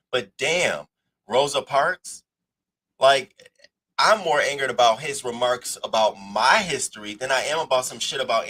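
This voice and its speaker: Forceful, blunt man ranting on celebrity news. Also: medium pitch, low-quality recording. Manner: blunt and profane, emphatic. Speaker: host of a celebrity news show. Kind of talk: heated commentary rant.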